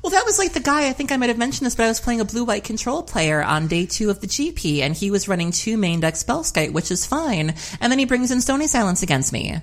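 A woman's voice: fast talker, few pauses. A woman co-hosting a casual podcast, telling stories with big exasperated swings in her voice. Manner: animated storyteller, big pitch jumps when exasperated. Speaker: podcast co-host.

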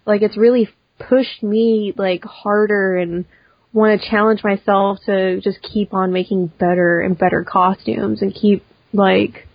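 A young woman guest, a cosplayer, talking casually in an interview, quick and chatty with many restarts. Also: medium pitch, steady tone, dry recording, highs cut off.

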